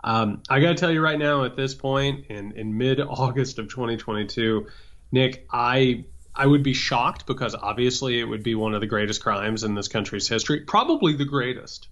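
A man's voice: medium pitch, moderate pace, a bit bright, lo-fi sound. A man co-hosting a political podcast, ranting emphatically with stammered restarts. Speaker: podcast co-host. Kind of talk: political commentary chat.

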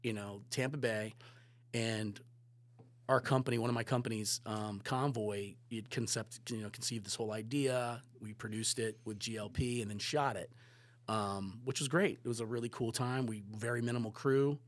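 A man's voice: medium pitch, steady tone, normal speed. Sex: man. Role: photographer guest on a podcast. Style: rambling casual storytelling that acts out quoted dialogue. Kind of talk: casual anecdote telling.

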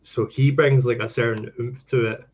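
A man's voice: mid-range voice, fairly even intonation, moderate pace, darkish tone, slightly rough. A man co-hosting a casual podcast chat, opinionated and full of fillers. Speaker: podcast co-host. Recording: dull lo-fi mic.

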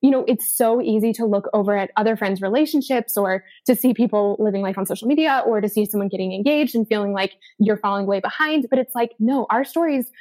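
A woman's voice: mid-range voice, fast, hardly any pauses, darkish tone. A woman from Denver, an author and podcast guest, telling her story in a chatty way full of "um" and "like". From Denver, USA. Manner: chatty, many fillers like "um" and "like". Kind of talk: casual storytelling chat.

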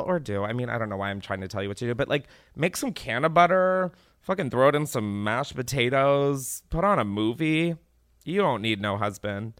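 A man's voice: medium pitch, lively intonation, moderate pace, a bit bright, dry recording, clean studio sound. A man hosting a podcast in casual chat, rambling, laughing often and swearing freely. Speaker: podcast host.

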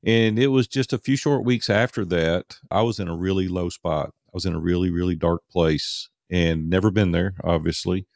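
A man's voice: sits low, normal speed, creaky, hardly any pauses, darkish tone, dry recording, clean studio sound. A middle-aged man, a podcast guest, telling a candid personal story in an earnest, conversational way and repeating words for emphasis.

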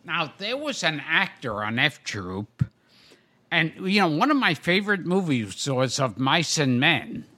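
A man's voice: fairly high pitch, big pitch swings, measured pace, sharp tone. A man hosting a podcast, asking a veteran guest eager questions about his career. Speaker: podcast host. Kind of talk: interviewing a guest.

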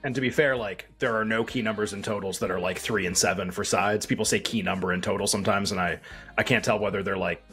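A man co-hosting a sports betting podcast, talking in a measured, analytical way with hedging fillers. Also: on the low side, fairly even intonation, fairly bright tone, faint music behind. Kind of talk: casual chat.

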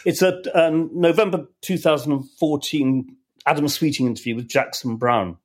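A man hosts a casual music show with a slightly husky voice. He talks in a measured way and restarts phrases as he works through a thought. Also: on the high side. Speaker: podcast host.

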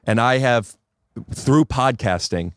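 A male comedian guest on a podcast outdoors, chatting casually with wry, deadpan jokes. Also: medium pitch, slow, clear, resonant tone, dry recording, clean studio sound. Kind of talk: casual chat.

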